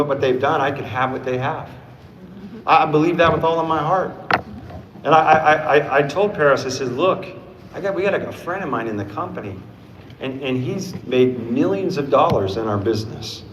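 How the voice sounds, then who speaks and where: A man in his fifties, a company CEO giving a motivational sales speech on stage, telling stories and acting out the dialogue. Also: fairly high pitch. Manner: storytelling, acting out quoted dialogue. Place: stage in a large event hall. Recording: echoey hall sound.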